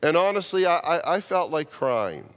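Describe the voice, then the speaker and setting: A man's voice: on the high side, big pitch swings, normal speed, a bit bright. A man, a pastor telling a story in a sermon, repeating words, stopping to restart, and acting out the voices he quotes. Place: church sanctuary. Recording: long reverb of a church hall.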